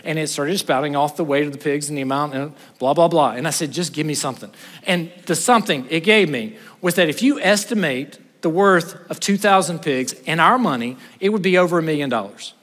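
Male preacher with a high voice, lively sermon storytelling that swings from loud to hushed, in a reverberant hall. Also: brisk, hardly any pauses. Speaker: pastor.

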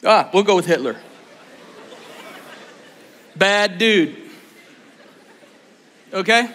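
A man's voice: high voice, animated, very slow, pauses often, sharp tone, some chatter behind. A man in his sixties preaching a sermon, talking casually and joking with his audience. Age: 60s. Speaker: pastor. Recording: long hall reverb.

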